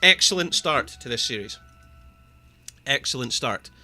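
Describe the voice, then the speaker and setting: A young man calls a live esports match with an excitable, chatty delivery and a very bright, forceful tone. His voice sits at an ordinary pitch. Faint music plays behind him. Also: unhurried. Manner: excitable, chatty, laughs often. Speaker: esports caster.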